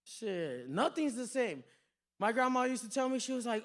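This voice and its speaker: A man doing a stand-up comedy set on a club stage, telling stories in an animated, profane way. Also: very high voice, moderate pace.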